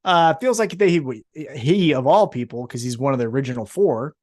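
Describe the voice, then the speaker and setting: A young man co-hosting a wrestling podcast, chatting casually with quick asides and swearing. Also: medium pitch, animated, darkish tone. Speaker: podcast co-host.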